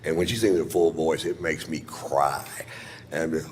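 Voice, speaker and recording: Low-voiced profane stand-up comedian man. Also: steady tone, moderate pace, a little mellow. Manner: profane, rambling, self-mocking. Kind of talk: stand-up storytelling. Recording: live stage with long reverb.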